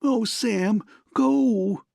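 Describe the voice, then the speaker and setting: A man's voice: medium pitch, expressive, moderate pace, a little mellow, dry recording, studio quality. A man reading an audiobook, voicing a worried, fiery young woman secretary in an impassioned, indignant manner. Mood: pleading.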